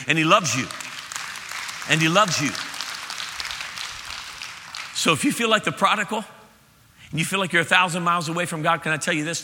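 Male pastor, sermon delivery, bright forceful voice, long hall reverb. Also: fairly high pitch. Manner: animated preaching, acts out voices, swings from loud to hushed.

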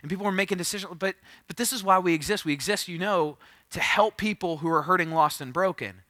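A man's voice: high-pitched, fast talker, no room sound. A man in his thirties, a pastor telling a funny, self-deprecating story in a sermon. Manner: humorous, self-deprecating, bursts into loud acted quotes.

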